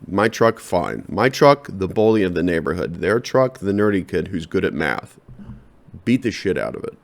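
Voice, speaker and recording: A man hosting his own comedy podcast, rambling through a deadpan monologue and talking straight to his listeners. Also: deep voice, moderate pace.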